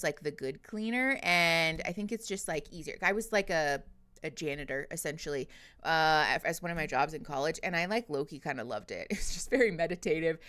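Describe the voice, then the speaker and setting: A woman's voice: fairly low pitch, a bit bright. A woman hosting a livestream, chatting casually with viewers, giggling often, swearing freely and using lots of fillers, close to a desk microphone. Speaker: livestream host.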